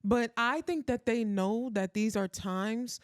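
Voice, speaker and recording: A woman's voice: fairly high pitch, takes it slowly, clear, resonant tone, dry recording, studio quality. A woman co-hosting a podcast, explaining theories in an earnest, conspiratorial casual chat. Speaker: podcast co-host.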